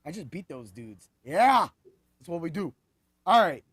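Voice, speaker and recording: A man hosting a podcast, talking excitably about fights in a rambling way that keeps correcting itself. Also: a little high, measured pace, breathy edge, dry recording, studio quality. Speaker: podcast host. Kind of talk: animated sports betting chat.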